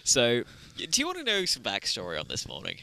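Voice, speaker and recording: A man's voice: medium pitch, huge pitch swings, quick pace, gravelly, bright, forceful tone. A young man hosting a casual podcast chat, playful, laughing often and swearing casually. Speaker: podcast host.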